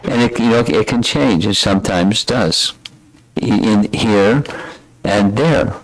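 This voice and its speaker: An older man giving a scripture class as a spiritual teacher, telling stories in a reflective, unhurried way. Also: fairly low pitch, dry recording, rough recording.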